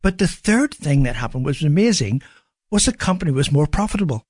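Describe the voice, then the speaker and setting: A man's voice: fairly high pitch, big pitch swings, a little fast, darkish tone, husky, no room sound, clean studio sound. A man with an Irish accent, a guest on a radio show, telling a story with lots of "you know" fillers. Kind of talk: radio studio interview.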